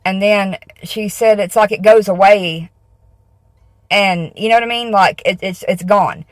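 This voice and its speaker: A woman's voice: medium pitch, fairly even intonation, unhurried, no echo, rough recording. Woman telling a ghost story, "okay?". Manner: tense, repeating "okay?" to the listener. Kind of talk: casual true ghost story.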